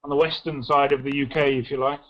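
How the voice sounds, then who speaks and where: A man's voice: medium pitch, level tone, quick pace. A man from South Wales, a guest answering questions on a call, speaking hesitantly and searching for words. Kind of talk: interview on a call. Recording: dull, lo-fi call audio.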